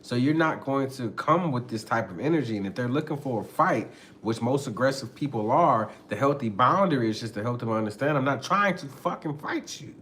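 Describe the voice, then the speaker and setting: A man's voice: mid-range voice, fairly quick, a bit bright, slight background noise. Slangy laughing man giving advice. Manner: loose slangy talk, frequent laughter and profanity. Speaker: podcast host. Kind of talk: casual relationship advice talk.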